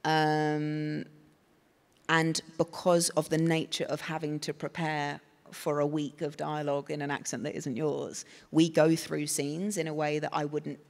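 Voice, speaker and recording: An English woman talks on a festival stage, her voice gravelly with fry. She wanders through her answers thoughtfully, full of fillers and restarts. The sound carries the long reverb of a large hall. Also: sits low, flat delivery, a little slow, a little mellow. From England. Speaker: guest actress. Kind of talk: live panel conversation. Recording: reverberant hall from a live event.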